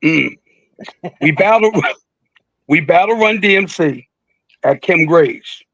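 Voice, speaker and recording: A man in his sixties telling stories as a guest in a casual interview, animated and joking, acting out quotes with big jumps in his voice. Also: fairly high pitch, takes it slowly, dry recording, rough recording. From Philadelphia. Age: 60s. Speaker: guest, veteran rapper.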